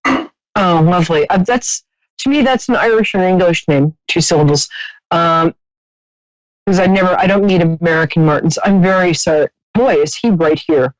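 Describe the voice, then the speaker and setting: A woman's voice: on the low side, normal speed, no room sound, highs cut off. A woman hosting a live psychic radio call-in, chatty and laughing often, with many restarts.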